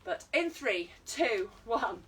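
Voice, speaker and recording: A woman's voice: a little high, sing-song, slow, fairly bright tone, far from the mic, slight background noise. A British woman teaching an online exercise class, chatty and encouraging, joking at her own expense. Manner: chatty, encouraging, self-deprecating. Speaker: fitness instructor.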